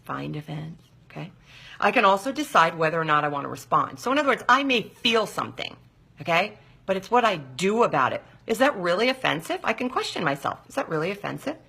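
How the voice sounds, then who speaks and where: Talk show host, woman, husky with gravel in it, emphatic and questioning. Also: lowish voice, bright, forceful tone. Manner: emphatic, asks rhetorical questions. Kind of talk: live talk-show monologue.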